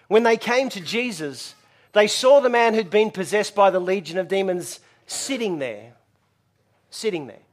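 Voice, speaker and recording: A man preaching a sermon, telling stories animatedly and acting out voices. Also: high voice. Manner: animated storytelling, acts out voices and shouts. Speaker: pastor.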